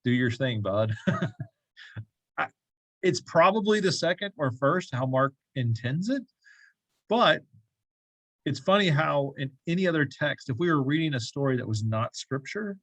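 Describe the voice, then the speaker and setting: A man's voice: on the high side, lively intonation, measured pace, long pauses, fairly bright tone, no echo. A man leading a church bible study group, talking casually, asking the group questions and making joking asides. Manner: conversational, asks the group questions, jokey asides. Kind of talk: casual teaching talk. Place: church classroom.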